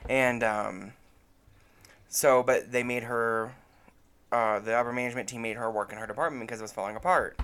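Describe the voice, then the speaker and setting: A man's voice: medium pitch, steady tone, normal speed, a bit bright, clean tone. A man co-hosting a podcast in casual chat, telling profane, heated stories with many fillers. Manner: profane, heated storytelling, often trails off with fillers. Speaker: podcast co-host.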